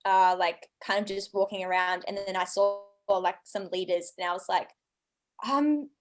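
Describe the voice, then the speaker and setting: A woman in her twenties telling a story in a relaxed chat, acting out other people's lines with big jumps in her voice. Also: normal speed. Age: 20s. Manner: animated, acts out quoted voices with big pitch jumps. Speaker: channel co-host, guest. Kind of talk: casual storytelling.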